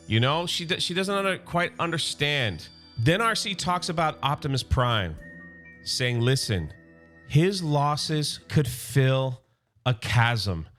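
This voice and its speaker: Chatty man with a bright voice. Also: a little high. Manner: enthusiastic, chatty storytelling. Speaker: comic book reviewer. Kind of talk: casual recap of a comic.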